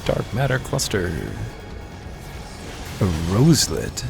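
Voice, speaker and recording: A man's voice: deep voice, wildly swooping pitch, takes it slowly, creaky. A man with hiccups giving wry, profane let's-play commentary over faint game music. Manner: wry, profane, mumbled asides. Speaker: gamer playing through a story.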